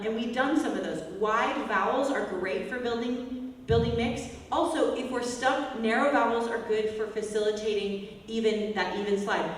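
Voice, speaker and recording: A woman vocal coach teaching a singing workshop, breaking into loud whiny and bratty exercise calls to demonstrate. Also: fairly high pitch. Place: large echoey hall, workshop. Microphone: distant from the mic. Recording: echoey hall, voice from far off, faint music.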